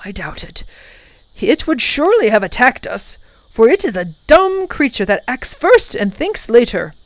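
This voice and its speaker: A woman reading aloud and voicing a calm, steady older male professor with a measured, reassuring manner. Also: extremely high pitch, no room sound, heavily acted.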